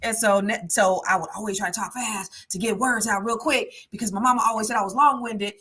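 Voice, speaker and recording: A middle-aged woman hosting a casual livestream chat. She naturally talks fast and is consciously trying to slow herself down. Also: medium pitch, steady tone, pushed and bright, husky. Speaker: livestream host.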